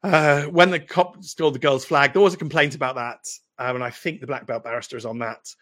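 A man's voice: medium pitch, steady tone, a little fast, a bit bright. Posh English man, rambling opinionated commentary. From United Kingdom. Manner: rambling, with frequent restarts and asides. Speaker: lawyer answering viewer questions. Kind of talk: casual livestream commentary.

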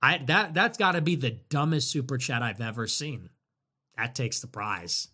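Bright-voiced sarcastic male streamer. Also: mid-range voice, normal speed. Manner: sarcastic, rambling, swings between loud and muttered. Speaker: livestream host. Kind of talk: casual livestream talk reading viewer messages.

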